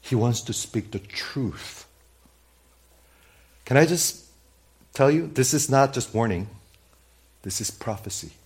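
A male pastor preaching a sermon, swinging from loud emphatic exclamations to hushed near-whispers, repeating lines and calling for amens. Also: medium pitch, lively intonation, slow pace, pauses often. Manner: repetitive, emphatic, calls for amen.

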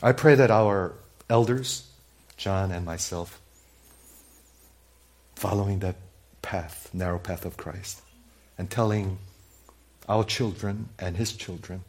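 A male pastor preaching a sermon, swinging from loud emphatic exclamations to hushed near-whispers, repeating lines and calling for amens. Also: deep voice, takes it slowly, long pauses. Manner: repetitive, emphatic, calls for amen.

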